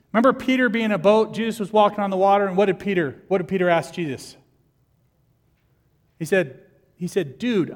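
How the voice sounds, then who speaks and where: Animated high-voiced male pastor in a hall. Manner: animated, puts on mocking voices for people in his stories. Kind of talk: sermon.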